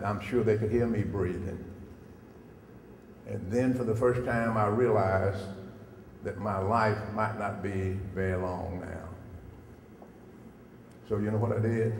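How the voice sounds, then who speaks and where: A man's voice: on the low side, fairly even intonation, measured pace, vocal fry, long pauses, darkish tone. An older man speaking as a guest to students, telling his story in a folksy way with questions to the listeners, on a handheld microphone in a school hall. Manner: folksy, direct questions to the audience. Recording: echoey hall, faint noise.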